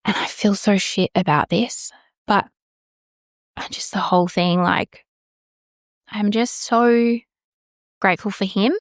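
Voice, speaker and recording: A woman's voice: medium pitch, takes it slowly, long pauses, no echo, clean studio sound. A woman, hosting a podcast and frankly telling a personal story, swearing freely and acting out the exchanges she remembers. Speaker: podcast host.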